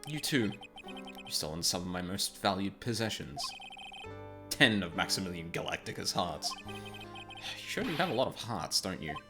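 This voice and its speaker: A man's voice: sits low, sing-song, normal speed, long pauses, over music. A man playing Maximilian Galactica, vain showman. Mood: smug. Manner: drawling, theatrical, calls people sweetie. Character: flamboyant vain male stage magician, smug. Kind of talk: reading game dialogue aloud.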